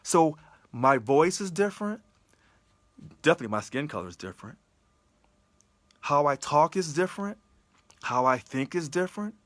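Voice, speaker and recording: A man's voice: a little high, fairly bright tone, dry recording. A man giving an impassioned livestream address as a union election candidate, emphatic, full of repeated rhetorical questions. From California.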